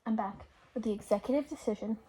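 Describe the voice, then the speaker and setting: A teenage girl rambles through a casual diary vlog, dropping "like" constantly and often half-whispering. Her voice sits a touch high but sounds mellow, with a husky, breathy grain and lots of vocal fry. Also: quick pace. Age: teens. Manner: rambling, chatty, full of "like" fillers. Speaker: vlogger. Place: her bedroom. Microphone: phone.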